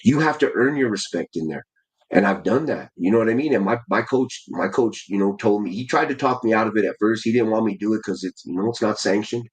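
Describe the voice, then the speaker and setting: A man's voice: fairly low pitch, fast, slightly rough, poor audio. A man in his forties telling his story in a casual interview, slangy and full of restarts, calling the host "bro" again and again. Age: 40s. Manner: slangy, keeps saying "bro", many restarts. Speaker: amateur heavyweight boxer, guest.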